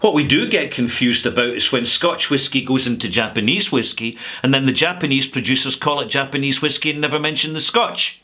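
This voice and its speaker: A middle-aged Scottish man holds forth in a chatty, sarcastic vlog rant. He draws out his words for emphasis. His tone is bright and forward. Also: mid-range voice, fairly quick, hardly any pauses. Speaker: whisky vlogger. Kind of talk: casual rant to camera.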